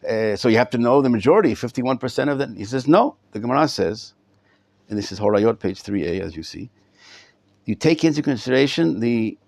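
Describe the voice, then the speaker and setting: Rabbi teaching a live class to students. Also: male voice, medium pitch, darkish tone, dry recording. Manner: talks to students in the room, repeats words while thinking. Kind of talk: live Torah class lecture. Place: classroom or study hall.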